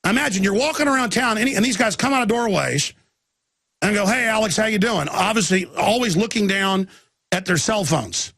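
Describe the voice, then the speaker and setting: Talk radio host, male, high-pitched and gravelly; rambling, intense monologue full of restarts and bursts of volume. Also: moderate pace, a bit bright, no room sound, studio quality. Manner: intense, rambling storytelling with frequent restarts and outbursts.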